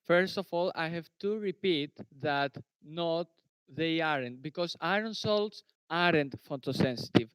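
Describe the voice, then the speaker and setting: A man's voice: on the high side, unhurried, a bit bright, clear, resonant tone, dry recording, poor audio. Earnest teenage boy. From Greece. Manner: earnest, formal, repeats phrases. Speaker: presenting student in a science tournament. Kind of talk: formal answers in a debate.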